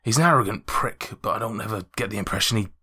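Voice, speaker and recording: A man's voice: lowish voice, sharp tone, breathy edge. Man doing blunt Scouse townsman Gelrin. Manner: blunt, halting, restarts often. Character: townsman Gelrin, gruff plain-spoken local man.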